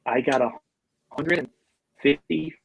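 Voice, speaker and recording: Heard on a dry, low-quality recording, his voice is a little high, creaky and husky, and he speaks a little slowly. The forties-aged podcast guest from Buffalo, New York animatedly tells casual stories, doing the voices of the people he quotes.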